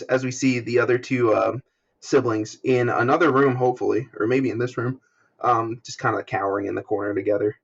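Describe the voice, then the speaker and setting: A man co-hosting a podcast, casually recapping a manga chapter with lots of fillers and quick jumps into animated voices for the characters. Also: medium pitch, gravelly, breathy edge, highs cut off. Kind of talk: casual chat, reading panels aloud.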